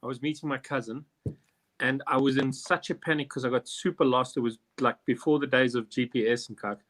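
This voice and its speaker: A man's voice: mid-range voice, fairly even intonation, a little fast, a bit bright. A man from South Africa hosting a comedy quiz, rambling and mocking himself between questions. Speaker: quiz host. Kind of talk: joking quiz banter.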